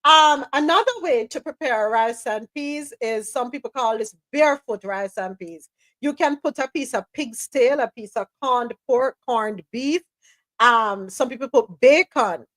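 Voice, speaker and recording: A woman, co-hosting a relaxed live chat show and dropping patois phrases. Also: fairly high pitch, measured pace, low-quality recording. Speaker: co-host. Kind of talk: casual chat on a live stream.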